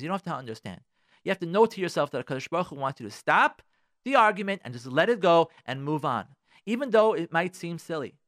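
A man hosting a radio show, giving advice in an animated monologue. He talks emphatically, repeats his phrases and acts out the thoughts of the people in his stories. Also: high-pitched, no room sound, studio quality.

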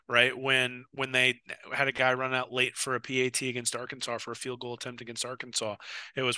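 Guy co-hosting a football show, super bright tense voice, dry close sound, rambles and restarts a lot. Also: medium pitch, normal speed, clear, resonant tone, no echo. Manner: long-winded, repeats words when restarting, animated. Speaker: co-host of a college football podcast. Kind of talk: casual sports talk.

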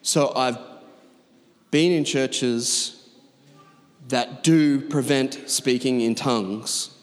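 A man preaching to a large congregation, his voice ringing with the long reverb of a big church hall. He talks in a conversational, emphatic way, stopping for quick asides. His pitch sits mid-range for a man. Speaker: pastor. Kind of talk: sermon.

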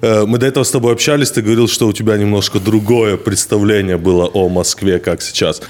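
A man's voice: lowish voice, fairly even intonation, fast talker, darkish tone. A man hosting a podcast, welcoming his guest and asking him questions in a casual interview. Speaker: podcast host.

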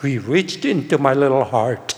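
A man's voice: medium pitch, normal speed. Older man preaching in a reverberant hall. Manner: animated storytelling, acting out his own past voice. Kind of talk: sermon testimony.

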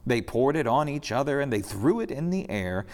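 A man reading a rhyming story aloud during a church service, expressive and sing-song, in a reverberant sanctuary. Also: medium pitch, moderate pace.

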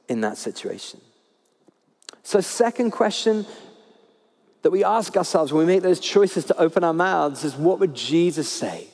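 A man preaches in a high, lively voice that swoops up and down as he stresses each point. He repeats his key phrases to drive them home. The sound rings with the long reverb of a church hall. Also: a little fast. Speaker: pastor. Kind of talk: sermon.

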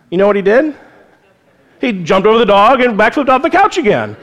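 High-voiced man preaching earnestly. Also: fast talker. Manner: earnest, conversational preaching with lively asides. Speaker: pastor. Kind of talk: sermon. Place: church.

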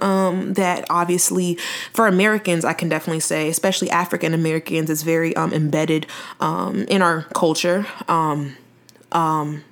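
Young woman, podcast host, earnest preachy monologue with emphatic slow-downs. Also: on the low side. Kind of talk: faith-based podcast monologue.

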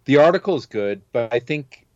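A man co-hosting a podcast in casual chat, adding slow, joking asides. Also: mid-range voice, animated, darkish tone, dry recording, dull audio. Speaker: podcast co-host.

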